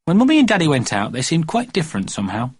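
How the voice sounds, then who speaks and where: A man narrating a children's storybook with expressive cadence. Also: on the high side, fast talker, breathy edge, dry recording. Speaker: audiobook narrator.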